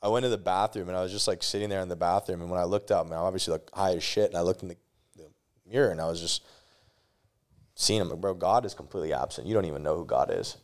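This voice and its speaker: A young man with a very low, smooth voice, sitting as a guest on a podcast. He tells a personal story in loose, candid talk. He curses freely and often trips over his own restarts. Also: fast. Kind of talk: casual storytelling.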